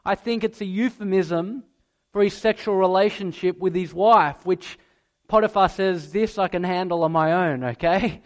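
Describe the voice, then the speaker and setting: A man delivers a sermon in a high, light voice. He preaches earnestly and with emphasis, dropping to a quiet, soft delivery and then rising loud again. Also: moderate pace.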